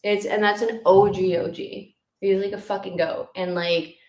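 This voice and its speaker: A woman's voice: mid-range voice, little pitch movement, normal speed, a little mellow. Woman podcast host, blunt and sweary, mid voice, roomy echo. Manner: blunt, profane and emphatic. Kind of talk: casual chat.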